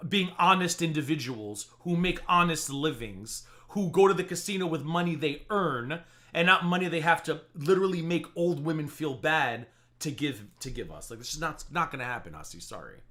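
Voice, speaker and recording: A man's voice: fairly high pitch, lively intonation, normal speed, bright, forceful tone. A man hosting a live reaction stream, talking in a sarcastic, mocking and exasperated way. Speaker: live-stream commentary host.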